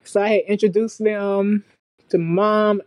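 A young adult woman telling a story in a relaxed, chatty way, as a podcast guest. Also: medium pitch, measured pace, no echo. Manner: relaxed, chatty and colloquial, with frequent fillers. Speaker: podcast guest, nursing graduate. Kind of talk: casual storytelling chat.

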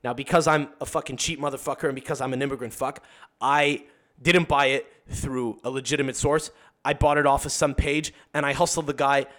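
A young man rambling through a story on a casual podcast. He swears freely, stops and restarts, and slips into quick impressions of the people he describes. His voice sits at an ordinary mid pitch. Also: steady tone, fairly bright tone. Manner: acts out other people's voices in anecdotes. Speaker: podcast guest.

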